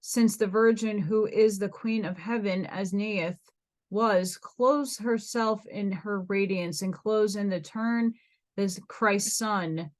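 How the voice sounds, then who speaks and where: An American woman reading a dense old book aloud, stumbling over hard words and restarting them. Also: medium pitch. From United States. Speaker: reader.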